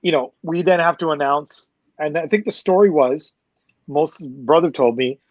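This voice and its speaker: A man who works as a concert promoter, telling a loose, fast, profane backstage story as a guest. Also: fairly high pitch, no room sound, dull audio. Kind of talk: casual storytelling.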